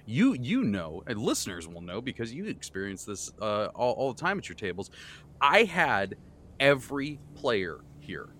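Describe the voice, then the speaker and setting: A man hosting a casual podcast chat, excitably rambling as he recaps the tabletop campaign he runs as game master. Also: mid-range voice, normal speed, slight background noise.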